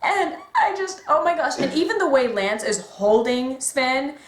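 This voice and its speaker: Excitable woman gushing, echoey room. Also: high-pitched, a little slow, slight background noise. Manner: excitable, gushing, acts out quotes. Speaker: podcast guest. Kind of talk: casual fan chat.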